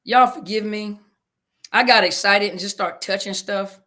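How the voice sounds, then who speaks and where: A woman therapist chats live with her listeners, reading their comments aloud and answering them. Her voice is bright and forward, and she keeps apologizing to everyone in a flustered, homey way after technical slips. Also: medium pitch, measured pace. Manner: apologetic, flustered, Southern-flavored casual speech. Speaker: therapist hosting a live audio room. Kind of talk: casual live-stream chat, reading comments.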